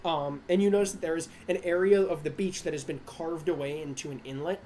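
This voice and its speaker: A man's voice: fairly high pitch, fairly quick, darkish tone, a little hiss or hum. A man narrating as game master of a tabletop game, rambling with many fillers and restarts and laughing at himself.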